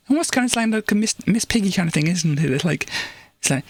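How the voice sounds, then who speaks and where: A woman's voice: low voice, animated, a little fast, no room sound. A woman streamer chatting casually on a live stream, rambling with frequent restarts and laughs, now and then slipping into playful put-on voices. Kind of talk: casual livestream chat.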